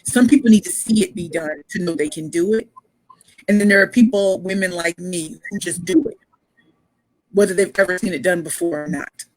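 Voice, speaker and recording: A woman pitch coach telling her story as a motivational speaker, emphatic and repeating phrases for effect. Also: normal speed, no echo, rough recording.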